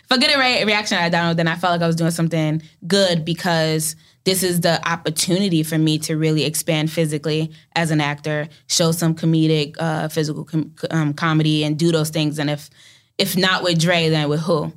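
A young woman, an actor guest in an interview, telling animated stories and acting out quotes. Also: low voice, fairly quick. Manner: animated storytelling, acts out quotes. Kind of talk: casual interview talk.

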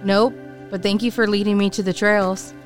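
A woman's voice: medium pitch, level tone, normal speed, faint music behind, close to an everyday voice. A woman voicing a determined young survivor in an audio drama, cool and pointed as she questions a stranger. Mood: cool, defiant. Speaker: narrator and lead of an audio drama. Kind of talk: first-person audio drama narration and acting.

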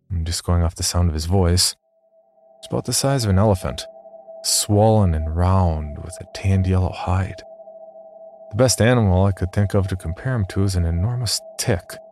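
Deep male narrator, wry and deadpan, first-person horror read over music.

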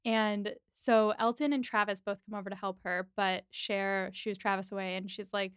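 On a podcast she co-hosts, a woman chats casually through a film scene by scene, acting out lines and laughing a lot. She speaks at normal speed in a clear, resonant mid-range voice, with clean studio sound and no echo.

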